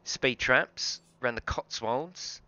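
A man's voice: medium pitch, slow pace, sharp tone, highs cut off. A man streaming a racing game live, chatty and sweary, greeting viewers in chat and laughing often. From United Kingdom. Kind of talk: live gameplay stream commentary. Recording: game sound and noise behind voice. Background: racing game audio.

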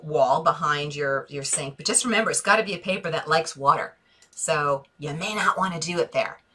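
Bright-voiced chatty design host. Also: female voice, on the low side. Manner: chatty, reads viewer comments aloud and answers them. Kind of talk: casual Facebook Live chat. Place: home office desk.

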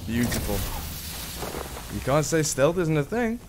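A young man, a gaming YouTuber, chatting casually through gameplay with quick surprised exclamations. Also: a little high, very animated, background noise. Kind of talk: live gameplay commentary.

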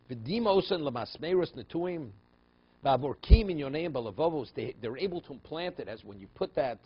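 A man's voice: mid-range voice, slight background noise. A man, a rabbi, teaching a text study class, explaining passages phrase by phrase and telling stories in a conversational way with frequent restarts. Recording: dull lo-fi class recording.

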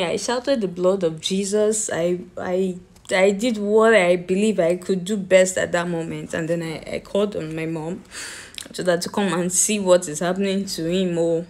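A woman tells how her father died, halting and repeating her words, with a pleading, accusing tone. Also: on the low side, steady tone, darkish tone. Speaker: grieving daughter telling her story. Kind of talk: emotional personal account.

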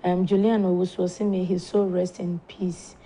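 A Ghanaian woman hosting a talk show, slowly and softly reading out viewer condolence messages in a studio. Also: lowish voice, little pitch movement, slightly rough, poor audio. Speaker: show host. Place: broadcast studio.

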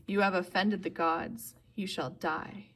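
A woman voicing a menacing female Fury, a winged monster, in a low, hissing, threatening voice. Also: steady tone, measured pace, fairly bright tone.

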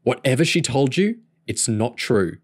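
A man's voice: medium pitch, very animated, measured pace, slightly rough, pitched above the performer's own voice. A man voicing a cheeky, easygoing teenage boy in a novel reading.

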